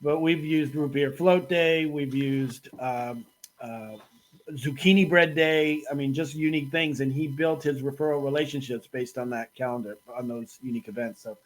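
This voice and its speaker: A man with a Boston accent hosting a casual panel discussion in a relaxed, chatty way. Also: medium pitch, low-quality recording. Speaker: host.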